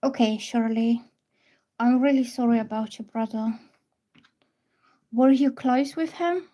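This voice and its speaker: Soft, slow-talking woman chatting live. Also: a little high. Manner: soft, chatty storytelling with hesitant restarts. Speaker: tarot reader on a livestream. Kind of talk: casual livestream chat.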